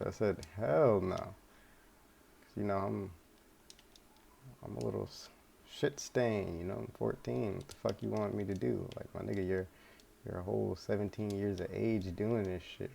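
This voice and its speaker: A man's voice: lowish voice, creaky, a little mellow, slight background noise. A young man casually telling a story from his life, rambling, laid-back and full of swearing, recorded at home.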